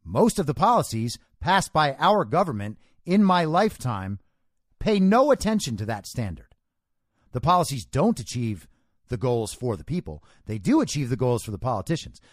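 A man's voice: medium pitch, no room sound, clean studio sound. A man hosting a podcast, giving an opinionated political commentary monologue. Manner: opinionated, emphatic. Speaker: podcast host.

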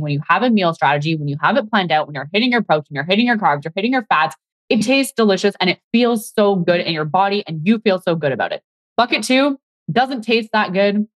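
A woman fitness coach hosts a live podcast in a mid-range voice with no room sound, reading out the audience chat. She is chatty and upbeat, speaks straight to her listeners, and keeps saying "you guys."

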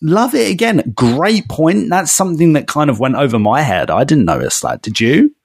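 Male podcast co-host, mid-pitched, relaxed banter, dry booth sound. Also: normal speed, breathy edge, dry recording. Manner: chatty, laughs often, says "mate". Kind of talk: casual chat.

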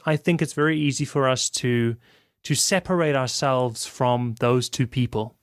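A young South African man, a band frontman, chatting on a podcast in a calm, very relaxed way. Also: medium pitch, moderate pace, no room sound, studio quality. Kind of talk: casual podcast chat.

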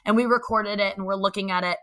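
A young woman comedian telling a self-mocking story in casual chat, animated and swearing freely. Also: mid-range voice, fast talker. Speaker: guest, comedian.

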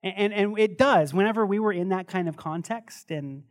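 Man, pastor, high voice, sermon, animated, laughing, repeats words, church congregation. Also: normal speed. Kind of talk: sermon with closing prayer. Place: church service before a congregation.

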